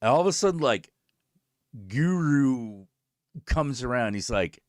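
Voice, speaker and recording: Recorded in clean studio sound with no room sound, a man hosts his own stream, spinning a story in casual, profanity-heavy talk and animatedly voicing both sides of each exchange. He speaks at a medium pitch, a little slowly, with long pauses.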